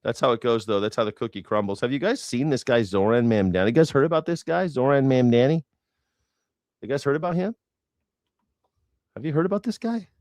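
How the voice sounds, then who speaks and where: A man in his forties from Los Angeles hosts a casual stream, rambling from topic to topic with sarcastic jokes. He speaks close to the microphone with a dry, dead sound. His pitch is average for a man. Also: fairly quick, long pauses, darkish tone, no room sound. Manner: rambling, sarcastic, jokey asides. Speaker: host of a news reaction stream. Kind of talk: casual livestream commentary.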